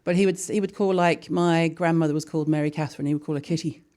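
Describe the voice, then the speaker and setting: A middle-aged English woman with a Liverpool twang, hosting a podcast in chatty, quick storytelling conversation. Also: deep voice, fairly even intonation, mellow. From England. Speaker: podcast host. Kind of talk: casual chat.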